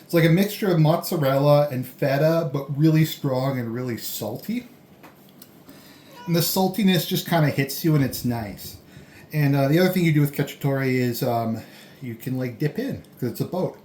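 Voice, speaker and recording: Casual food-vlog host, rambling between bites, mid pitch, roomy echo, faint dish clatter. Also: moderate pace, darkish tone, a little hiss or hum. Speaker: food vlogger. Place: indoors at home, eating a delivered meal. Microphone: camera on a tripod.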